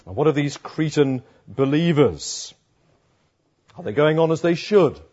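A man's voice: a little high, expressive, unhurried, darkish tone. A man with a sore throat preaching a sermon as pastor, asking and answering his own rhetorical questions. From London area, England. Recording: dull lo-fi sound.

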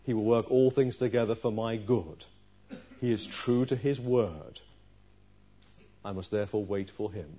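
A man preaching a sermon, pressing his listeners with rhetorical questions and moving between forceful, raised lines and quiet, low ones. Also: unhurried, long pauses. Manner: earnest preaching with rhetorical questions, swinging from loud to hushed. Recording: dull lo-fi recording.

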